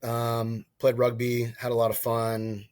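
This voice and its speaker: A man of about forty is telling a long personal story in a relaxed interview. His voice sits in the middle range and is recorded close and dry. He wanders, backs up to fix details, swears casually and voices the people in his story. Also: mid-range voice, measured pace, dry recording. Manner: rambling, restarts and corrects himself often; casual and profane, acts out quoted dialogue. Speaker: podcast guest, former soldier and wildland firefighter.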